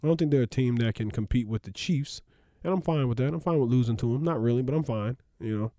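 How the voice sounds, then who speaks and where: A man's voice: medium pitch, fast talker, no room sound, studio quality. A man hosting a sports podcast, talking casually with lots of laughs and asides. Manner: animated, laughs often, rambling asides.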